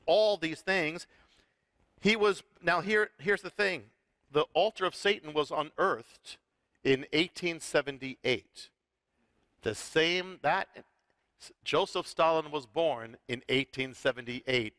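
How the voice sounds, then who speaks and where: Bright-voiced man teaching prophecy. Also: fairly high pitch, dry recording. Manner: animated storyteller, restarts and repeats words. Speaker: rabbi teaching on a talk show. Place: TV studio with audience.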